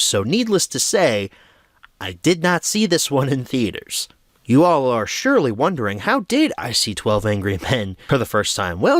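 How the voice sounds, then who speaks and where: Brief: young male film review host, chatty and animated, dry sound. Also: medium pitch, dry recording. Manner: chatty, self-deprecating, lively storytelling. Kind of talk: casual film review monologue.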